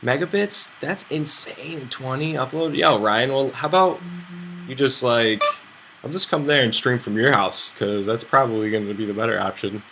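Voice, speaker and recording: A man's voice: mid-range voice, moderate pace, bright, forceful tone, slight background noise. A young American man streaming poker, chatting to viewers in a loose, rambling way and swearing freely. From United States. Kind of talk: casual live-stream chat to viewers.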